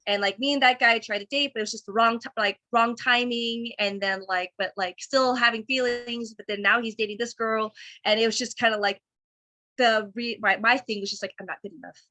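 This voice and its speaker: A podcast guest, a woman in her thirties, speaks a little fast in a slightly high, pushed, bright voice with fairly even intonation. Chatting casually and openly, she rambles with many fillers and restarts and voices her own earlier thoughts.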